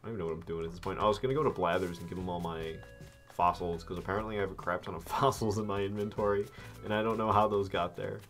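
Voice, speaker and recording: A man chatting casually while streaming a video game, joking and rambling in quick asides. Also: sits low, steady tone, a bit bright, faint music behind. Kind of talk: casual chat while gaming.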